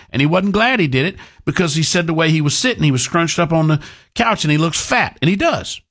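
Husky-voiced talk radio host. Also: male voice, a little high, animated, fairly quick, a bit bright. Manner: rambling, self-deprecating storytelling. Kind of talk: casual talk radio monologue.

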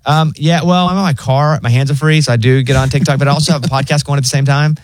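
A young man and co-host in casual chat, telling stories in an animated way and doing high voices when he quotes others. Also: fast, dry recording. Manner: animated storyteller, mimics voices in high pitch.

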